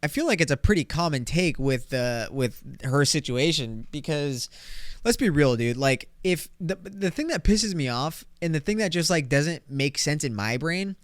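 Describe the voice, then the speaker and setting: Slangy, profane young man, smooth and dry. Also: fairly high pitch, normal speed, no room sound. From California. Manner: slangy, profane, animated storytelling. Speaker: podcast host. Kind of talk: casual solo podcast monologue.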